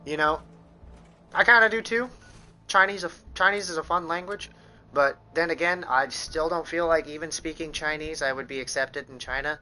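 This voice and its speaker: Rambling, bright-voiced Kansas streamer. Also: male voice, a little high, steady tone, normal speed. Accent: Midwestern American. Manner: rambling, profane, full of fillers. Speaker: gaming streamer. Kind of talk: casual gameplay commentary. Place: home.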